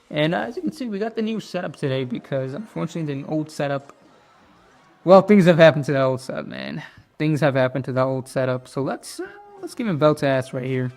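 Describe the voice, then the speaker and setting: A young man telling a story and commenting on his own gameplay in a loose, joking way, swearing freely. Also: on the high side. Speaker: gaming youtuber.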